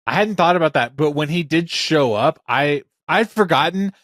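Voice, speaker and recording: A man co-hosting a casual podcast, talking in an animated and enthusiastic way, now and then swearing. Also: a little high, moderate pace, no room sound, clean studio sound. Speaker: podcast co-host. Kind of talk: casual chat.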